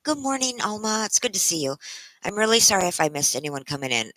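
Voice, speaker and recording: A tired woman livestreaming to her viewers, close to tears, speaking in halting, emotional bursts and restarting her sentences. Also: sits low, lively intonation, sharp tone, no echo, low-quality recording. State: tired from a sleepless night. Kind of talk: casual live-stream chat.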